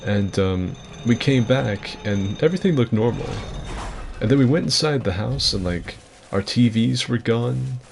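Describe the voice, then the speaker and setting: A man in his twenties streaming a game from home, chatting in a rambling, casual way with swearing and keeping his voice fairly quiet. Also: medium pitch, expressive, measured pace, gravelly, a little hiss or hum. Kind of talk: casual gameplay commentary.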